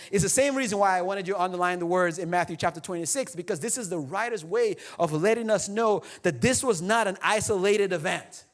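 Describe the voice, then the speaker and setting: A young adult man preaching a sermon as pastor in a church, playful and jokey, acting out other people's voices. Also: high voice. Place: church sanctuary.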